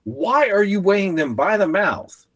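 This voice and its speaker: A man in casual podcast chat, talking animatedly and swearing often, acting out quotes with sudden shouts. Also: high voice, big pitch swings, a little slow.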